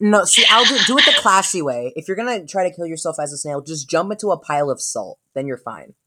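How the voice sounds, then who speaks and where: A woman hosting a casual group chat, excitable and dramatic, laughing often. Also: low voice, fast, a crowd in the background. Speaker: podcast host asking questions.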